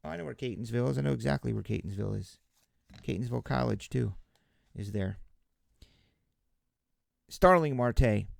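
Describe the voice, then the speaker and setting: A man hosting a live card break, chatting casually with viewers as he opens cards, relaxed and joking. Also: medium pitch, moderate pace, creaky, long pauses, no room sound. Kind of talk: casual live commentary while opening cards.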